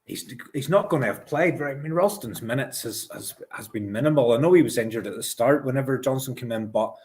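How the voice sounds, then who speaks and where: A man co-hosting a football podcast, talking in a measured way with halting restarts. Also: medium pitch, a little mellow. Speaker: podcast co-host. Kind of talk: casual football chat.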